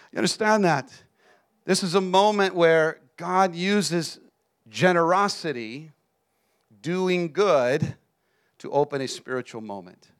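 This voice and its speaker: A man preaching a sermon as an animated storyteller who keeps checking in with his listeners. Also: fairly high pitch, slow pace, long pauses, clean tone. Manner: animated storyteller, often asks the audience "you understand?".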